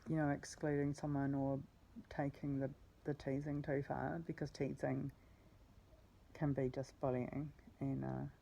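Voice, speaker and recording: Low, gravelly woman rambling. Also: little pitch movement, unhurried, dark tone, highs cut off. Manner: meandering, self-correcting, casual swearing. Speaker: vlogger. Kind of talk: rambling personal storytelling.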